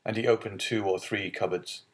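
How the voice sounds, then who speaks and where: A man narrating a classic novel as an audiobook, in a steady, measured reading. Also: lowish voice. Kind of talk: scripted narration.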